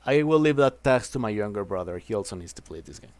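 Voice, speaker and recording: A man's voice: lowish voice, expressive, fast, a little mellow, no room sound. Frustrated male streamer, dry close sound. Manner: frustrated, repeating himself. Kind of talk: casual live gameplay commentary.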